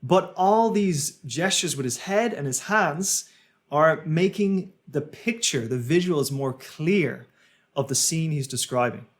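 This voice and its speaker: A man commenting as a public speaking coach, calmly analysing a speech and explaining its techniques. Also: a little high, takes it slowly. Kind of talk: reaction commentary.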